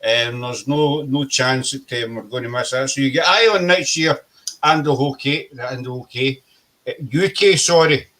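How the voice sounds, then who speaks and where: A man's voice: medium pitch, normal speed, a bit bright. A man hosting an interview, asking questions hesitantly with many restarts. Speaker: podcast host.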